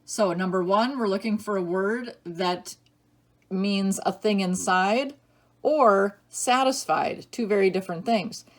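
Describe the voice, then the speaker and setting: A woman teacher giving a recorded spelling lesson, reading each word slowly and clearly, patient and explanatory. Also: medium pitch.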